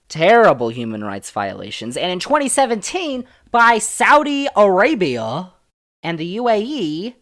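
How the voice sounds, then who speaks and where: A man hosts a solo sports podcast, talking through the news in an opinionated way. He is emphatic, jumping between loud and soft. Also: fairly high pitch. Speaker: podcast host.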